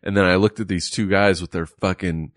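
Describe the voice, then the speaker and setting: Deep-voiced man swearing through a story. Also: a little fast, dry recording, studio quality. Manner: profane, animated storytelling. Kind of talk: casual chat.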